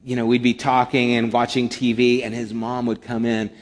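A man preaching from the pulpit in an earnest pastor's voice. He leans hard into his points, then falls quiet, nearly whispering. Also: medium pitch, completely flat delivery, moderate pace. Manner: earnest, swings from forceful emphasis to hushed near-whispers. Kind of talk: sermon.

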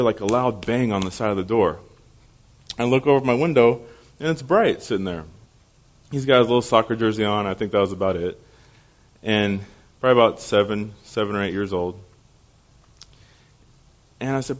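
Young male pastor, low voice, animated storyteller in a church sermon, dull lo-fi recording. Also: moderate pace, pauses often. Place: church service.

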